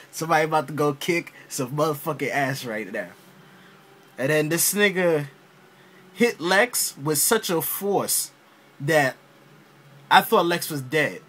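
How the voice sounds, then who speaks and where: A man giving a casual, profane game review, telling the story with lots of slang and acting out his own reactions. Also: a little high. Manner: animated storyteller, heavy slang and swearing, acts out his reactions.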